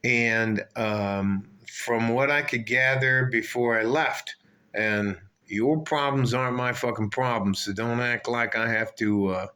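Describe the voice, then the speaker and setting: An older man tells a long, digressive story, swearing freely and losing his thread. He talks slowly and deliberately. His voice has a bright, tense edge. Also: mid-range voice, steady tone. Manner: profane, rambling, digressive. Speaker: vlogger. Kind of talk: rambling storytelling rant.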